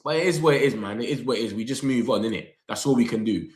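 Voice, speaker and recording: Excitable young man. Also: medium pitch, fast talker. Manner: animated, slangy, talks straight to viewers and reads comments aloud. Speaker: football fan channel host. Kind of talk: excited live reaction vlog. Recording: echoey room.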